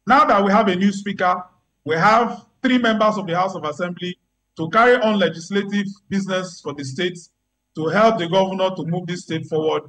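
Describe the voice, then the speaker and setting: High-pitched man giving emphatic legal analysis. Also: a bit bright, poor audio. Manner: measured, emphatic, lawyerly. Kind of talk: remote news interview commentary.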